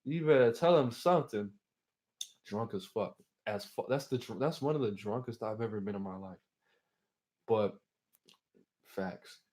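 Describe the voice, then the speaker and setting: A man's voice: fairly low pitch, measured pace, pauses often, a little mellow. A man telling a rambling, profane story as he casually talks to his viewers. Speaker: channel host.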